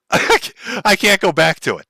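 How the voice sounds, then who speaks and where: A man's voice: high-pitched, very animated, takes it slowly, vocal fry, sharp tone, no room sound. A man commenting on a clip for his stream chat in a blunt, profane, lecturing way.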